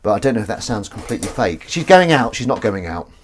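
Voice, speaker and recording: Talking fast and very animated, this man has a fairly low voice set against a noisy background. He's a livestream host washing up in his home kitchen, chatting casually and reading comments from the chat aloud. His rambling is self-mocking, and dishes and cutlery clink throughout.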